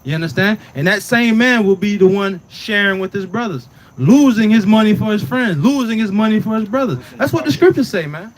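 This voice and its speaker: A man's voice: high-pitched, expressive, brisk, few pauses. A man teaching scripture in a casual preaching way, often asking "right?" and "you understand?" and telling the reader to read on. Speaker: Bible teacher.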